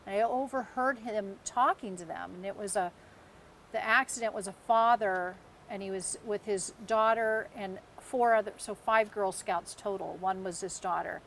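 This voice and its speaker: A woman's voice: mid-range voice, normal speed, fairly bright tone, a little hiss or hum. A woman in her fifties from the United States, telling a long personal story as a podcast co-host, acting out the voices in it and laughing often. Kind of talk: casual storytelling chat.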